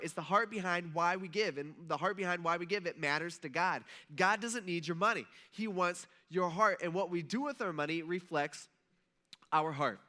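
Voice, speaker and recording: A pastor preaches to his church in a relaxed, chatty way. He tells the story like he is talking with friends and gives the people in it their own lines. His voice is a little high and very bright. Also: moderate pace. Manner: casual, storytelling, acts out quotes. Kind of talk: sermon. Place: church auditorium.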